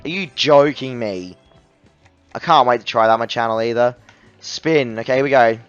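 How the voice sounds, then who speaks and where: A man's voice: medium pitch, moderate pace, smooth, no room sound, lo-fi sound, faint music behind. A man reviewing a phone app in a voice-over, ranting angrily and scornfully about being ripped off. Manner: angry, exasperated, scornful ranting.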